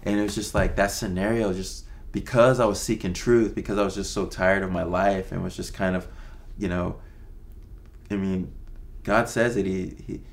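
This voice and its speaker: A low-voiced man in his fifties with noticeable vocal fry, talking as a podcast guest. His storytelling is loose and easygoing, full of "you know" and "like." When he quotes his younger self, he drops into a breathy near-whisper. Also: level tone, moderate pace. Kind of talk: casual storytelling interview.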